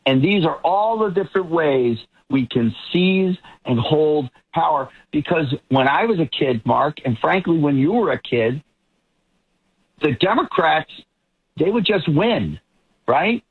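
A man from the Boston area argues his point emphatically as a talk show guest, circling back and repeating words. His voice is husky and sits a little high. It comes through a thin, phone-like remote feed. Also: expressive, measured pace. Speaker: political commentator guest. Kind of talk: talk show panel discussion.

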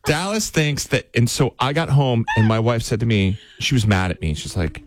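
A man hosting a morning radio show, telling a self-mocking story in a lively way from the studio. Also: medium pitch, normal speed, noisy background. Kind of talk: casual on-air storytelling.

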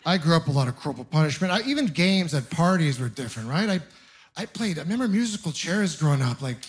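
A man's voice: on the high side, expressive, quick pace. A young man doing a stand-up comedy set, telling wry rambling stories and mocking himself. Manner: wry, rambling storytelling with self-mocking asides. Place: live comedy venue with audience laughter.

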